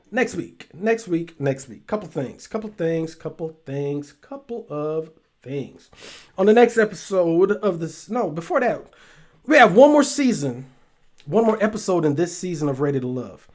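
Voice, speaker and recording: Male host, solo casual monologue; unhurried, lively pitch, laughs a lot, loops phrases, profane. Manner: animated, laughs often, repeats phrases, swears freely. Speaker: show host.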